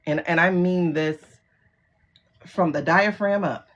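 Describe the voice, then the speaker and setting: This is the host of a tarot-reading livestream, a middle-aged woman with a lowish voice and an unhurried pace. The audio has its high frequencies cut off. Her talk is relaxed and frank, full of curse words and frequent laughter.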